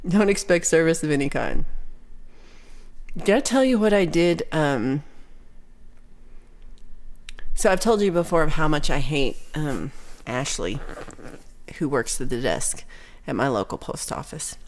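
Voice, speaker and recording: A woman's voice: deep voice, normal speed. A woman in her thirties or forties hosting a casual livestream chat, telling ranting stories with plenty of swearing and reading out viewer comments. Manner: animated ranting storyteller, swears freely. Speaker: livestream host.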